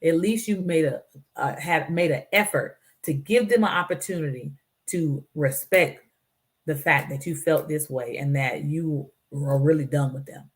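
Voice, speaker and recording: A woman's voice: low voice, unhurried. Woman hosting her own advice show, earnest and kinda preachy, mimics the people she quotes. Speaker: show host. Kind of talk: motivational talk.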